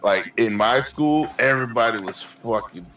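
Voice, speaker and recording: A man, co-hosting a podcast and telling animated, profane stories, acting out his past self. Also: mid-range voice, normal speed. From Queens, New York. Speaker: podcast co-host. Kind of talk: casual chat.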